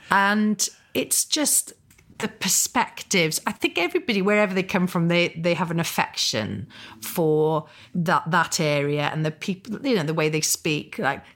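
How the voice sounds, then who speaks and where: Welsh woman, lively storytelling. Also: fairly low pitch. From Wales. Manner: animated storyteller, slips into character voices. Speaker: author and actor, guest. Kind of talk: casual interview chat.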